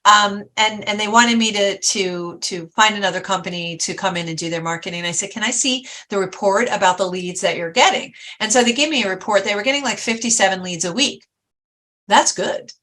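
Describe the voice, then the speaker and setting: A woman talk-show host and success coach, chatty and animated, acting out quotes as she tells a story. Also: mid-range voice, brisk.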